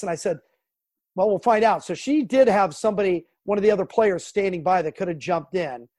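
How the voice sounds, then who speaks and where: Animated, high-voiced man telling stories. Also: brisk, no room sound. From Southern California. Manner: animated storyteller, acts out quotes and sounds. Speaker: sports broadcaster, guest. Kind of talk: storytelling interview.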